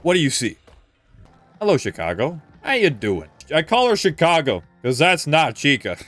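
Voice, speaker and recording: A man's voice: a little high, wildly swooping pitch, moderate pace, fairly bright tone. A man streaming a speedrun, giving loose live gameplay commentary, swearing freely and talking to his chat.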